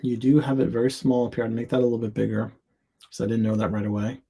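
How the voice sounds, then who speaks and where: A man's voice: mid-range voice, fairly even intonation, fast, gravelly, dark tone, breathy edge. A man hosting a live show, reading viewers' product listings aloud in fragments and giving candid, chatty feedback with asides and jokes. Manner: reads on-screen text aloud in fragments. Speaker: host reviewing product listings.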